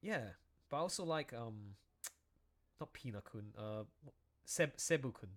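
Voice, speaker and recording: A man who is a comic artist, chatting casually on a stream in a chatty, animated way. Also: medium pitch, measured pace. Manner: chatty, animated, prone to laughing and restarts. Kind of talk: casual chat.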